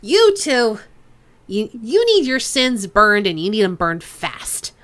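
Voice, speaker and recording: A woman's voice: lowish voice, big pitch swings, unhurried, fairly bright tone. A woman voicing a brash, sing-song female crime boss with a nasal, teasing voice. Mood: stern. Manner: teasing, drawling with pet names.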